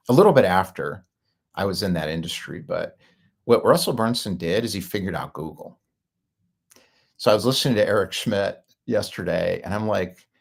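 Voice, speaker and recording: A middle-aged man talking in a candid monologue, blunt and exasperated. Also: lowish voice. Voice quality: gravelly. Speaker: marketing consultant.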